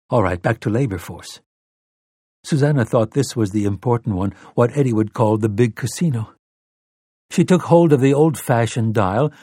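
A man narrating an audiobook with steady, dramatic storytelling. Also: mid-range voice, no room sound, clean studio sound. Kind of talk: scripted narration.

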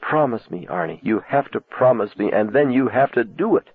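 A man's voice: lowish voice, lively intonation, a little fast, breathy edge, no echo. A man reading aloud, voicing a teenage girl who pleads on the phone, close to tears. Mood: pleading. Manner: pleading, wavering toward tears. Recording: tinny lo-fi cassette sound.

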